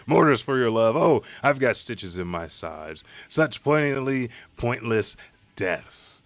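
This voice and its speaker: A man's voice: mid-range voice, big pitch swings, slow pace, no echo, voice pushed up. A man voicing a maniacal, mocking male villain who laughs shrilly as he reads a comic aloud.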